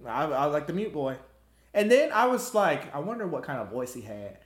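A man chats casually as podcast host, his slightly high voice swinging widely as he gets animated. He slips into squeaky impressions mid-story. The room is echoey. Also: normal speed. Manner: animated, jumps into high-pitched mimicry. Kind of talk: casual chat.

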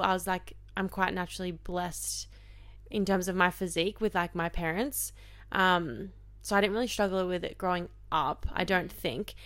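A young woman talks candidly in casual podcast chat, with lots of fillers. Her voice sits on the low side, and the sound is dry and close. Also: a bit bright, clean tone, no room sound. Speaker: podcast co-host.

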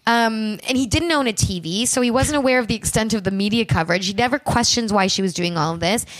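A woman casually telling a true crime story for laughs, animated and acting out the people in it. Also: a little high, fast talker. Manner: animated, acts out quoted people with swearing and asides.

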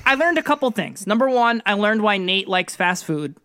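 A woman of middling pitch who co-hosts a podcast with dry, wry teasing. Her voice sounds close and dry, with no room around it. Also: sing-song, moderate pace, bright, forceful tone, dry recording. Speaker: podcast co-host. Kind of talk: casual banter.

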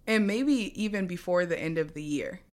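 A woman's voice: lowish voice, moderate pace. A woman in her late twenties co-hosting a casual podcast chat, telling stories animatedly and acting out the quotes. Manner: animated storyteller, acts out quotes. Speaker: podcast co-host.

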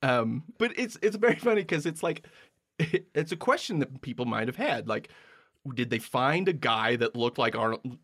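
A man's voice: medium pitch, expressive, moderate pace, a bit bright, dry recording. Laughing male podcast co-host, dry mic. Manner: laughs often, presents segments. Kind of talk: casual chat.

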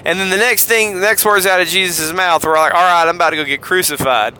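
A man's voice: sits high, quick pace, bright, forceful tone, a little hiss or hum. A man with a Southern US accent hosting a podcast, casually retelling Bible passages and acting out the quoted lines in voices. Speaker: podcast host.

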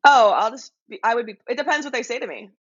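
A woman's voice: on the high side, quick pace, breathy edge, highs cut off. A young woman guest chatting on a podcast, bubbly and laughing often, acting out what she would say. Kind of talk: casual interview chat.

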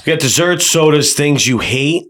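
A man's voice: a little high, animated, moderate pace, a bit bright. A man co-hosting a podcast, joking around in loose, profane banter. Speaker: podcast co-host. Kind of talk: casual chat.

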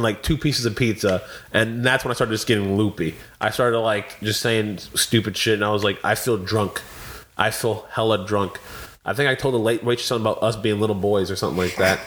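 A man's voice: fairly low pitch, a bit bright. A man hosting a podcast, chatting casually, rambling with fillers and laughter. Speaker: podcast host. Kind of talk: casual chat.

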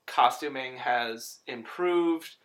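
A man's voice: mid-range voice, takes it slowly, fairly bright tone. A man co-hosting a casual podcast chat, joking around. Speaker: podcast co-host.

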